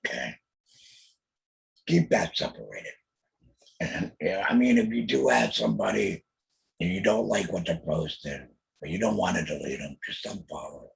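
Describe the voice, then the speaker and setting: A man's voice: fairly bright tone, rough recording. A middle-aged man speaking with an alaryngeal voice after a laryngectomy. He hosts a casual podcast monologue, blunt and profane, and keeps asking "you know what I mean.". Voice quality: very low, rough, gravelly voice. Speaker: podcast host.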